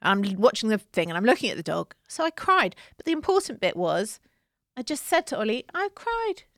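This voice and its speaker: A woman's voice: on the high side, a little fast, dry recording. Chatty woman co-hosting, dry room. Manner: chatty, animated storytelling with dry humor. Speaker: podcast co-host. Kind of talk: casual chat.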